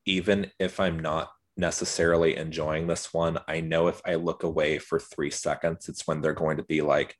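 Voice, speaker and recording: A man co-hosting a casual podcast over a video call, laughing often and speaking in quick bursts. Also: a bass voice, level tone. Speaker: podcast co-host. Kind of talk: casual chat.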